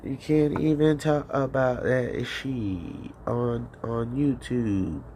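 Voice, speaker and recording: A man's voice: mid-range voice, takes it slowly, darkish tone, slight background noise. A man hosting a call-in livestream, rambling casually with profanity and frequent laughter. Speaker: call-in show host.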